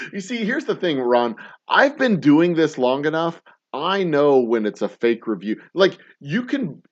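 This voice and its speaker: A distillery owner hosts his whiskey show live, answering viewer comments in a loose, rambling way. He is blunt and profane, and his voice rises and falls freely at a middle pitch. The audio comes through dull and lo-fi, like a home livestream. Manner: rambling and blunt, swears freely, chuckles often.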